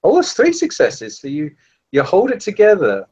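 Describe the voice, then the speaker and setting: A man running a tabletop role-playing game as game master, talking haltingly with fillers and laughs. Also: high-pitched, huge pitch swings, a little mellow, slightly rough. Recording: dull lo-fi sound.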